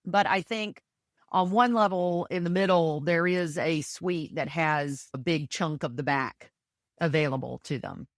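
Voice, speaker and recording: A woman's voice: low voice, measured pace, no echo, studio quality. A woman from Texas chatting as a podcast guest, telling her stories enthusiastically with plenty of fillers. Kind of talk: casual interview chat.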